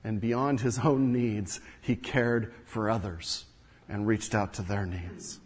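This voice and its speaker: A man preaching a sermon to his congregation, swinging from hushed low passages to loud emphatic peaks, with repetition and rhetorical questions. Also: steady tone, slow pace, slightly rough. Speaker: pastor.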